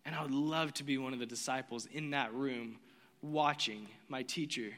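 A man preaching a sermon in a dramatic, casual way, dropping from loud, quick bursts to low, slow lines and slipping slang into his preaching. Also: fairly even intonation. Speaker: pastor. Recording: long hall reverb.

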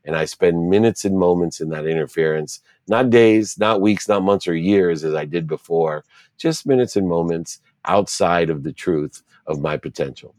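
A man's voice: low voice, moderate pace, darkish tone, no echo, studio quality. A middle-aged man, an interview guest, telling his life story in an earnest, reflective way and stacking repeated phrases.

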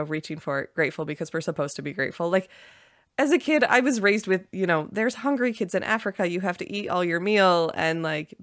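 A woman hosting a solo podcast, talking with enthusiasm and acting out excited quotes. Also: fairly low pitch, no echo, clean studio sound. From Canada. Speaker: podcast host.

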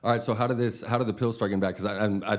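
Man, fast pace, low voice, slangy, casual host. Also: fairly even intonation. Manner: slangy, rapid, full of fillers. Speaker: podcast host. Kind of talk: casual chat.

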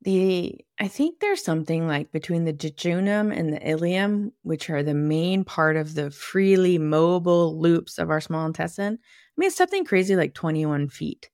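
A low-pitched woman hosts a podcast and walks through anatomy in a loose, conversational way, pausing to think aloud and tossing in asides. Her voice is close and completely dry, with no room sound around it. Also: animated, darkish tone, dry recording. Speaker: podcast host and manual therapist. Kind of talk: casual educational monologue.

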